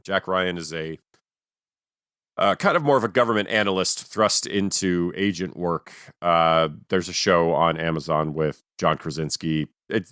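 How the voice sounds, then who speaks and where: A man co-hosting a podcast, telling a story in an animated way with dry, sarcastic asides. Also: low voice, no room sound. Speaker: podcast co-host. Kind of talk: casual chat.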